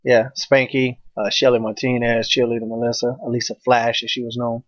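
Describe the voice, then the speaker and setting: Quick-talking guy hosting a podcast, swears a lot, dry dull lo-fi audio. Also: mid-range voice, level tone, no room sound. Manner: swearing, storytelling. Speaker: podcast host. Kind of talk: casual chat.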